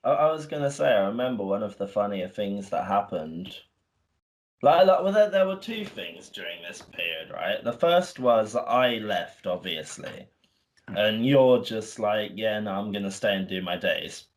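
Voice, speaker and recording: A man from the UK co-hosting a podcast, chatting casually and telling stories in an animated way. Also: on the low side, measured pace. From United Kingdom. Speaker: podcast co-host. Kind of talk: casual chat.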